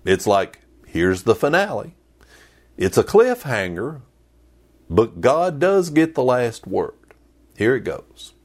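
A male pastor preaching a sermon in an animated, conversational way with playful asides. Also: medium pitch, takes it slowly.

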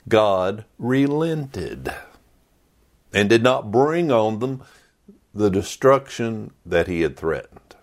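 Pastor, male, low voice with lively swings, slow deliberate sermon delivery, dramatic readings. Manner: dramatic, voices quoted complaints with rising pitch.

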